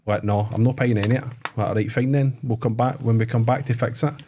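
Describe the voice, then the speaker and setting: A man's voice: mid-range voice, steady tone, fast talker, mellow, a little hiss or hum. A Scottish man hosting a podcast, teasing and bantering with his guests in casual chat. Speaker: podcast host.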